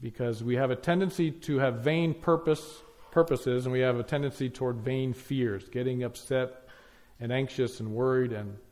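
A man's voice: mid-range voice, steady tone, moderate pace, darkish tone. A man preaching a sermon, emphatic, piling up lists and rhetorical questions.

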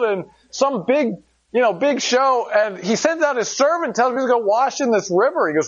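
A man's voice: very high voice, animated, normal speed, breathy edge, dull audio. A man preaching a sermon in a conversational way, asking rhetorical questions and telling stories with animation. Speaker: pastor.

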